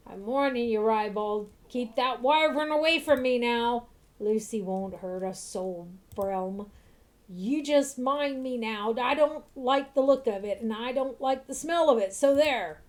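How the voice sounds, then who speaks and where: A man's voice: extremely high pitch, animated, moderate pace, hardly any pauses. An actor playing a grumpy old man shopper in a video game, grumbling and cranky. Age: older.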